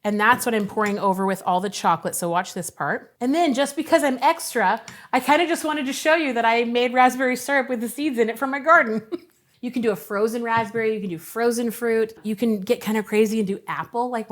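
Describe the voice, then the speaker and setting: A young adult woman hosting a cooking show, chatting casually and giggling as she assembles a dessert. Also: fairly high pitch. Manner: chatty, bubbly, giggles often.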